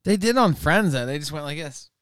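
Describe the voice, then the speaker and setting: A man's voice: a little high, animated, a little fast, fairly bright tone, smooth. A man joking crudely with friends in casual talk, tossing out made-up words. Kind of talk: casual chat.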